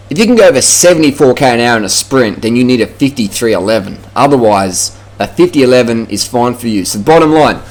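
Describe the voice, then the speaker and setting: Australian male cycling vlogger, blunt and profane, casual rant. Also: medium pitch. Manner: blunt, brash, swears freely.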